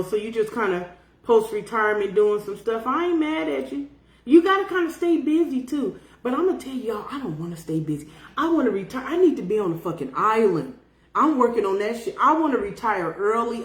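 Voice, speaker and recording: A woman in her fifties hosts a loose live chat, reading viewer comments aloud. She talks bluntly, swears freely and breaks into laughter. Her voice rings in a roomy, echoing space. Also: fairly high pitch. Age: 50s. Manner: blunt and profane, laughs often. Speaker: podcast host.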